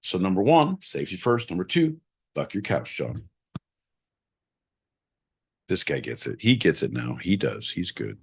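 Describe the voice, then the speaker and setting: A man's voice: sits low, very animated, unhurried, vocal fry, long pauses, slightly rough. A man hosting a podcast, talking in a crude, boisterous, joking way. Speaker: podcast host. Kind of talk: casual podcast chat.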